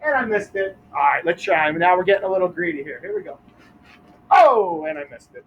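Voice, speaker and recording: A man's voice: high voice, fast talker, dull audio, slight background noise. A young adult man coaching kids through a ball game outdoors at a school, upbeat and counting catches aloud. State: out of breath.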